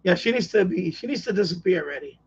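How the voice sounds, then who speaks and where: A man's voice: high-pitched, lively intonation, fast, breathy edge. A man hosting a casual live stream chat, rambling and exasperated as he rants. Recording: dull lo-fi live stream audio.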